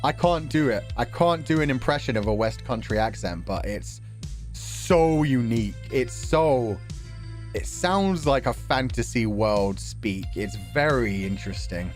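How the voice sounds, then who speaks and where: A young man with a British accent talks in a laid-back, chatty way as he reads through viewer messages. His pitch swings animatedly, he laughs easily, and he swears now and then without any edge. Faint music plays behind him. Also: measured pace. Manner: relaxed, chatty, laughs often, swears casually. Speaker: streamer host. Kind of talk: casual chat, reading viewer donations.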